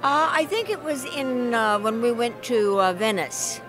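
A woman's voice: fairly high pitch, animated, a little slow, fairly bright tone, soft background music. A woman at a travel expo, telling a travel story hesitantly with many fillers. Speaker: interviewee. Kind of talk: casual storytelling. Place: busy travel expo hall.

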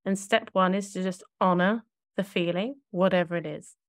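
A woman's voice: fairly low pitch, fairly even intonation, moderate pace, dry recording, studio quality. A woman co-hosting a podcast, talking in a reflective, searching way and often correcting herself mid-thought. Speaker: podcast co-host.

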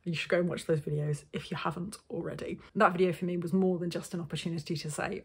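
A woman with a low, slightly husky voice talks casually to camera about her reading. She rambles a little, restarts her sentences and drops in self-deprecating asides. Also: steady tone, fast, few pauses. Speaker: book vlogger. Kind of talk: casual book chat to camera.

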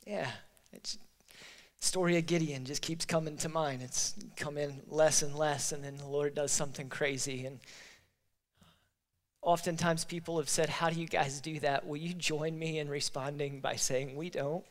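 In the church sanctuary, a male pastor gives emotional closing remarks, rallying the congregation with his nose stuffy from crying. His voice is fairly high and fairly even in intonation, at a normal speed.

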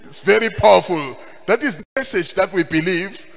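Zimbabwean pastor guy preaching, bright sharp voice, big hall echo. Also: high voice, animated, moderate pace, gravelly. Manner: emphatic, rising to shouts, sing-song phrasing. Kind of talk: sermon. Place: church hall. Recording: long hall reverb.

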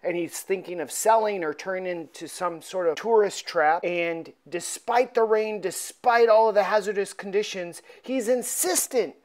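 A woman's voice: mid-range voice, moderate pace, hardly any pauses, darkish tone. A woman hosting a casual, chatty recap of an old comic book for her viewers. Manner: chatty, addresses viewers as folks. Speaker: host.

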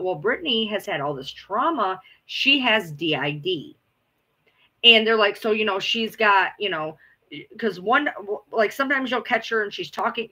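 A woman's voice: mid-range voice, bright, forceful tone. A woman host chatting casually with viewers, rambling, repeating herself and swearing now and then. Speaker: livestream host. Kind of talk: casual chat answering viewers.

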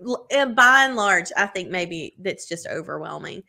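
A woman co-hosting a podcast, chatting casually and telling animated stories full of "like" and "you know", acting out quotes in bigger voices. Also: moderate pace, gravelly. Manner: animated storytelling, acts out quotes with big pitch jumps; many fillers like "like" and "you know". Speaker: podcast co-host. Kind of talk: casual chat.

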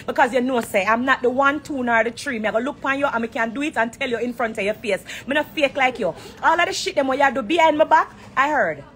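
A woman's voice: high voice, fairly bright tone, slight background noise. A woman with a Jamaican accent, in her forties, ranting bluntly and profanely in patois on a phone livestream from an airport corner. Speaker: celebrity going live.

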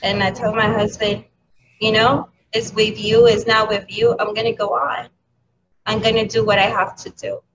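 A woman educator from New York City, talking candidly as an interview guest, halting and laughing softly. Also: medium pitch, little pitch movement. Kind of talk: emotional interview talk. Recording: dull lo-fi audio with clear background noise.

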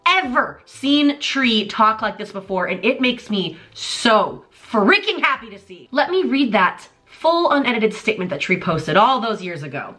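Animated, bright-voiced woman ranting. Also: fairly high pitch, a little slow, hardly any pauses. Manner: exasperated, sarcastic, animated ranting. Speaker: commentary YouTuber. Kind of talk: pop culture commentary vlog.

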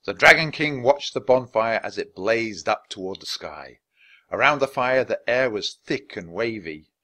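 Man, storybook narrator, lively animated pitch, expressive reading, clear pacing. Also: unhurried. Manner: expressive, voicing each character. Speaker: audiobook reader.

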